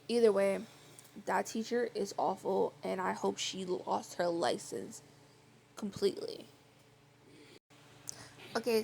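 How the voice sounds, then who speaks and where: A young woman vlogger telling personal stories in a quiet, rambling, casual way, filling her talk with "like". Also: medium pitch, vocal fry, a little hiss or hum. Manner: rambling, filler-heavy with frequent "like"; quiet, soft-spoken. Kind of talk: casual storytelling chat.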